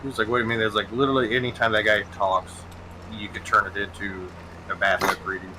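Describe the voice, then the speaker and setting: A man hosting a gaming stream, chatting casually while he plays. He tells stories in an animated way, laughs often and swears freely. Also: lowish voice, brisk, slight background noise, rough recording. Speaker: gaming channel host.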